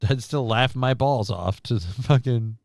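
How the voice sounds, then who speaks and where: Co-hosting a casual stream, this man jokes crudely and swears a lot in a mid-range, creaky voice that's prone to cracking. He talks at a moderate pace, and there's no room sound.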